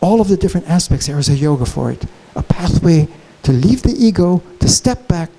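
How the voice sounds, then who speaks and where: A man giving a conference keynote lecture, telling a story in an animated, digressive way. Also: on the high side, poor audio. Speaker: keynote speaker. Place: conference hall, Chicago.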